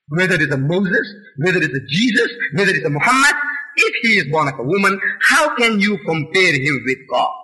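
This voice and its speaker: A man's voice: sits high, big pitch swings, a little fast, bright, forceful tone, poor audio. A man giving an impassioned religious lecture, emphatic and rhetorical, pressing his listeners with questions.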